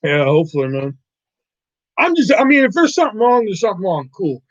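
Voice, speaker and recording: A man's voice: high voice, huge pitch swings, brisk, dry recording. A man hosting a live stream at home, telling a rambling, profane story in casual talk and laughing often. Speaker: livestream host. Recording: dull lo-fi dry mic.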